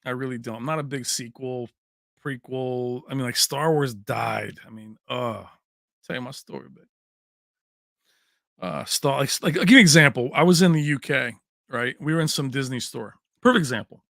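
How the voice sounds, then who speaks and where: A man's voice: medium pitch, moderate pace, creaky, a bit bright, no echo, clean studio sound. A man hosting a tech livestream in a casual, chummy way, chatting with viewers and calling them baby. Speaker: tech channel host.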